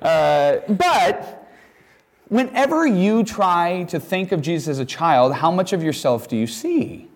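Male Bible teacher, lively pitch, animated classroom delivery, acts out quotes. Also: unhurried. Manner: animated, acts out quoted lines in character voices. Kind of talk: classroom Bible lesson with text reading.

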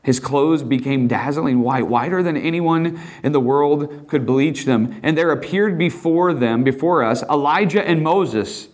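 A man preaching a sermon, retelling the gospel with animated asides and playful voices for the apostle. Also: unhurried, few pauses. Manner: animated, voices Peter in a high excited tone with laughs.

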